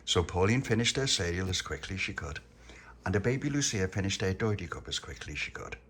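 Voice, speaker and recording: A man's voice: low-pitched, animated, fast, fairly bright tone, a little hiss or hum. A man narrating a children's story in a playful, chatty way. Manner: playful, laughing.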